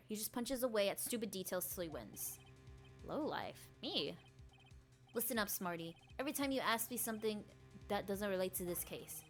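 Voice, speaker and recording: A woman doing Furio Tiger, a loud Brooklyn thug. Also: mid-range voice, close to an everyday voice. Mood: menacing. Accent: mock Brooklyn. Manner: swaggering, shouty, street slang. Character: brash loudmouth male loan-shark thug.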